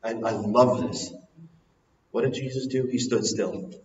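A man preaching a sermon, dropping soft and low, then rising loud and emphatic. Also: steady tone, unhurried, a little hiss or hum. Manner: swings from soft and low to loud and soaring, sings a hymn line. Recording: echoey hall, recorded from a distance, muffled.

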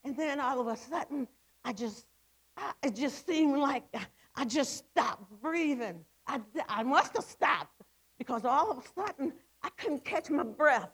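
A woman's voice: high-pitched, expressive, a little slow, a bit bright, poor audio. Impassioned middle-aged woman preaching testimony. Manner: impassioned, repetitive, with stammered restarts. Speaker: women's ministry speaker. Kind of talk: testimony sermon.

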